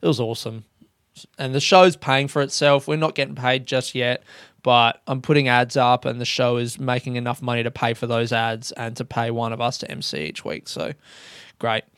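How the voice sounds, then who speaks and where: A man's voice: medium pitch, normal speed, fairly bright tone, smooth, no room sound, studio quality. A young Australian man, a stand-up comedian, hosting a solo podcast monologue and swearing constantly in loose, rambling bursts.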